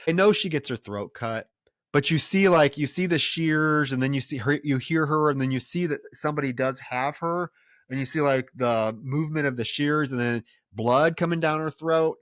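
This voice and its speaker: Guy on a horror movie podcast recapping scenes, dead dry mic, normal pitch. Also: no room sound. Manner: retells plot scene by scene. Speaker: podcast co-host. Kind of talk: casual film-review chat.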